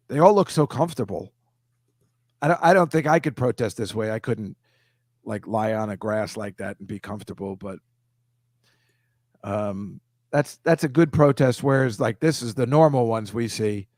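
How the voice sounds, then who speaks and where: A man's voice: medium pitch, darkish tone, no echo, clean studio sound. A middle-aged man, a comedian hosting a casual video-call chat, rambling and self-deprecating, dropping into silly voices now and then. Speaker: comedian host.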